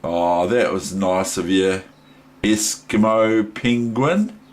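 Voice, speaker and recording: A man's voice: fairly low pitch, takes it slowly, poor audio. An older man with a New Zealand accent, a chess teacher rambling casually and chatting to his toys with many ums. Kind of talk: casual vlog chat.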